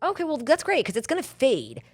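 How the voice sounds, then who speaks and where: A middle-aged woman hosting a podcast, talking candidly and emphatically in a motivational monologue, repeating phrases for emphasis and mocking her own excuses in quick quoted asides. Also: high voice, wildly swooping pitch. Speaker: podcast host.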